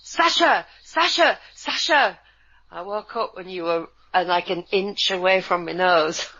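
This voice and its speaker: A woman, co-hosting in a sardonic, animated casual chat. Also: fairly low pitch, normal speed. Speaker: co-host. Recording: dull lo-fi audio.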